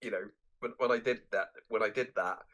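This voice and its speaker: A man's voice: fairly low pitch, brisk, fairly bright tone. A man co-hosting a film podcast, chatting casually and often laughing as he talks over scenes. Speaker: podcast co-host. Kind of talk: casual film review chat.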